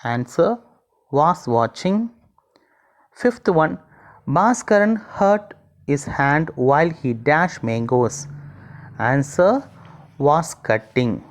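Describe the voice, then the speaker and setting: A teacher with an Indian English accent reading out textbook exercises and their answers one by one, in a deliberate dictating manner. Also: mid-range voice, animated.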